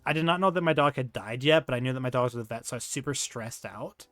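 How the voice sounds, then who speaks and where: A man's voice: mid-range voice, quick pace, fairly bright tone, no echo, faint music behind. A man chatting casually on a livestream, rambling and gushing, with lots of fillers, restarts and slang like "dude". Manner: slangy, says dude and bro. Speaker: streamer.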